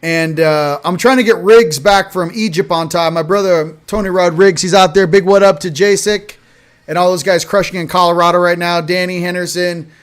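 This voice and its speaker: A man hosting a casual livestream, chatting loosely, shouting out viewers and showing products. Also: sits high, steady tone, moderate pace, smooth. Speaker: host.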